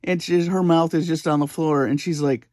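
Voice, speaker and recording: A woman's voice: low voice, steady tone, normal speed, dark tone, dry recording, clean studio sound. A woman hosting a jewelry-making vlog from her home bead room at three in the morning. She tells a chatty, self-deprecating story and often breaks into laughter. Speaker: jewelry-making channel host.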